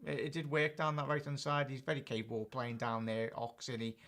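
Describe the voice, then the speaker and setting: A man's voice: medium pitch, level tone, fast talker, a bit bright. Chatty man hosting live. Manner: chatty, answers viewer comments directly. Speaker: fan channel host. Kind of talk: live-stream football chat.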